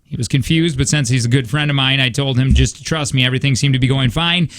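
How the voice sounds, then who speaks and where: A man's voice: mid-range voice, fast, fairly bright tone. A man hosting a radio show, joking around and reading a story aloud with asides.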